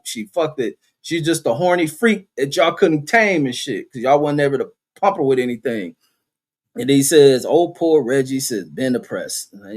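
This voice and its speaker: A man's voice: mid-range voice, a little mellow. A man talks loosely on his own livestream. He reads the chat aloud and answers it with profane jokes and bursts of laughter. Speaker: livestream host reading chat. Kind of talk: casual livestream commentary.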